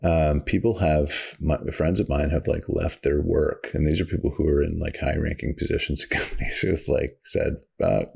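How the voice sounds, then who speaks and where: A man's voice: extremely low pitch, steady tone, normal speed, creaky, few pauses, a little mellow, husky. A man from Canada hosting a casual podcast, telling rambling stories full of fillers. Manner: rambling storyteller with many fillers. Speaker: podcast host. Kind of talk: casual chat.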